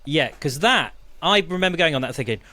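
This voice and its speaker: A man's voice: on the high side, fairly quick. A man, co-hosting a podcast in casual, teasing chat. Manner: teasing, animated. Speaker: podcast co-host.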